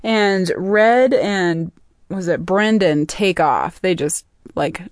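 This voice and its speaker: A woman's voice: lowish voice, takes it slowly, dry recording, clean studio sound. A young adult woman co-hosting a podcast, chattily recapping a book with fillers and laughs. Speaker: podcast co-host. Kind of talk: casual book discussion.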